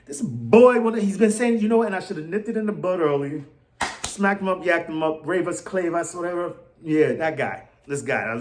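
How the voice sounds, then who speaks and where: An excitable man, probably in his thirties, rants to his fans in a casual vlog, going from low mutters to loud outbursts. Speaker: fan channel host. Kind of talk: animated fan rant to camera.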